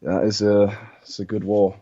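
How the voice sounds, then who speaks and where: Mellow British man on a dull lo-fi line. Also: lowish voice, flat delivery, moderate pace, slight background noise. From Britain. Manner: laughs often, easygoing, swears casually. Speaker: guest host. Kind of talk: casual chat.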